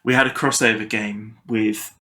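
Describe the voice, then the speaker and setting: A man's voice: fairly low pitch, level tone, normal speed, pushed and bright. A man chatting animatedly about his tabletop game characters, swearing casually, on a video call. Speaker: podcast guest.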